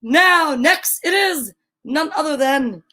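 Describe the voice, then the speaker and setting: A woman's voice: high voice, animated, takes it slowly, bright, forceful tone, low-quality recording. A middle-aged woman with a New Jersey accent hosting a cheerful kids' show in a playful, sing-song way. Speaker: children's show host. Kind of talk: cheerful live-stream chat for kids.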